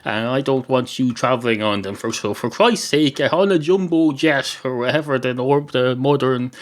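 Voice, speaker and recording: A man's voice: medium pitch, moderate pace. An Irish man hosting a podcast, talking in a casual comic monologue that rambles and corrects itself. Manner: rambling, digressive, self-correcting. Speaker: podcast host.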